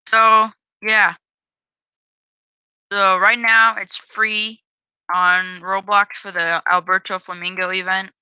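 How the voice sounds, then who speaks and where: A woman's voice: mid-range voice, little pitch movement, takes it slowly, long pauses, bright, forceful tone, clear, resonant tone, dry recording, low-quality recording. A woman giving casual commentary while playing and showing her own game, hesitant, with many restarts and self-corrections.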